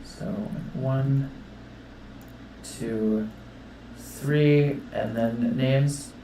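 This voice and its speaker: A man hosting a casual livestream, talking a guest through a setup in quick, instructing bursts. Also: medium pitch, steady tone, warm tone, slight background noise. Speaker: livestream host. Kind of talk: casual behind-the-scenes setup chat. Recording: roomy distant mic with faint ambience.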